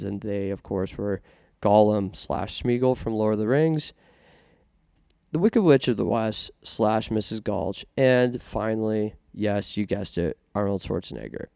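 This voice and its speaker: A man's voice: fairly low pitch, gravelly, mellow, no room sound, studio quality. A man from Canada hosting a casual podcast monologue, self-conscious and rambling with many restarts. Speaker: podcast host.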